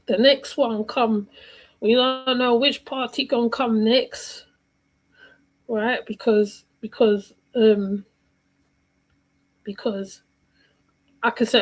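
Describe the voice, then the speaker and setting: A woman's voice: fairly high pitch, steady tone, slow, long pauses, rough recording. A woman giving casual reaction commentary on a livestream, rambling and repeating herself while she searches for words.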